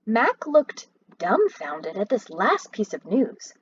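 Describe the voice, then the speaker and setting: A woman's voice: mid-range voice, big pitch swings, slow, dull audio, a little hiss or hum. A woman teacher reading a children's book aloud expressively and asking her listeners questions.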